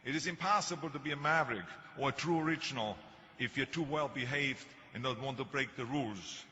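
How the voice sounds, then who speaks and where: A man's voice: mid-range voice, a little fast, bright, forceful tone, dull audio, a little hiss or hum. An older man with a German accent giving a motivational speech, telling stories in an emphatic, self-mocking way. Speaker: motivational speaker. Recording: long hall reverb, faint ambience.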